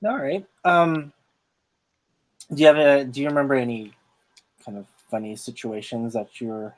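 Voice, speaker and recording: A man co-hosting a podcast, asking casual interview questions, relaxed and laughing along. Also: mid-range voice, normal speed, rough recording. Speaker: podcast co-host.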